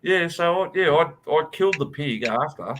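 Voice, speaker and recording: Animated man telling a story. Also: on the high side, normal speed, background noise. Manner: animated, swearing, acts out quotes. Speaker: host. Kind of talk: casual storytelling chat.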